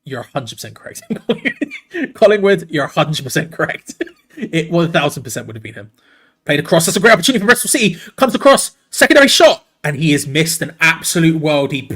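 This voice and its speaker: A man hosting a live football watch-along. He calls the play excitedly and breaks off to answer viewers in the chat. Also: high-pitched. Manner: excitable, chatty, jumps between play-by-play and reading comments. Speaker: watch-along host and commentator.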